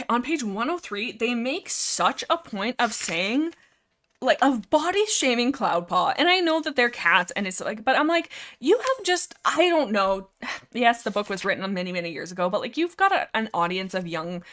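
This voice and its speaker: Rambling young woman livestreaming from Canada. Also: mid-range voice. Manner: rambling, animated, giggly, reads chat aloud. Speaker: livestream host. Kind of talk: casual livestream chat.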